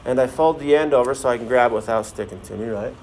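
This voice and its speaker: A man's voice: mid-range voice, quick pace, a little mellow, slight background noise. A man teaching a science class, firing questions at the students and joking as he runs a demonstration in a classroom. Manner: asks the class many questions, jokey.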